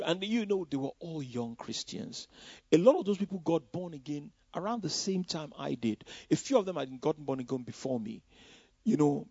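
A man's voice: a little high, vocal fry, darkish tone, husky, no room sound. A man from Nigeria, preaching a personal testimony in a loose, conversational way with many "you know" asides. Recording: dull, dry lo-fi recording.

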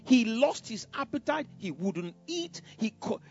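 A man's voice: extremely high pitch, big pitch swings, a little slow, darkish tone. A male pastor preaching a sermon, telling a story with many "you know" asides and stammered repeats. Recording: dull lo-fi sound with faint music.

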